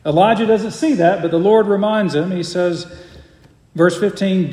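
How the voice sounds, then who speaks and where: A man preaching a sermon, reading scripture aloud and explaining it earnestly, sometimes sinking to a soft hush. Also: high voice, moderate pace. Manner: earnest, drops to a soft hush for quiet moments. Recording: echoey hall.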